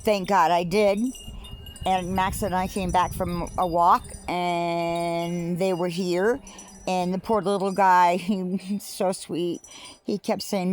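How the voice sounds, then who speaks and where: A woman with a fairly low voice rambles through a personal vlog, pausing often with fillers and restarting her sentences. She talks outdoors on her rural property while wind chimes ring behind her. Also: little pitch movement. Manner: rambling, halting, with many fillers. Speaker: vlogger.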